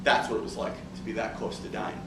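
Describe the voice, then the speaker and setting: Dude doing a furious emperor giving orders, low and cold, roomy echo. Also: male voice, level tone, quick pace, vocal fry, noisy background. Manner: commanding, menacing. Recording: echoey classroom, distant mic.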